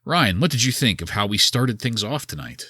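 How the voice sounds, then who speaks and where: A man's voice: medium pitch, animated, moderate pace, sharp tone, slightly rough, no echo, clean studio sound. A man hosting a wrestling podcast, recapping an old episode in a wry, sarcastic casual style. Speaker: podcast host.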